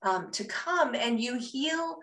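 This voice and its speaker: A woman's voice: fairly high pitch, lively intonation, slow pace, a bit bright. A woman hosting an interview, speaking in a reflective, encouraging way. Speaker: host. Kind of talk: interview conversation. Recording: echoey room sound.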